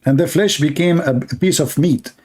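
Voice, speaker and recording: A man's voice: on the high side, moderate pace, darkish tone, breathy edge. A man giving sarcastic live-stream reaction commentary on a clip, rambling and mocking in broken English.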